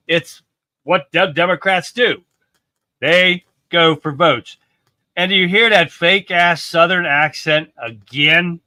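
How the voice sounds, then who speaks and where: A man's voice: a little high, bright, forceful tone, no echo. A man hosting a livestream, delivering a scornful, profane political rant. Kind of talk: angry commentary rant.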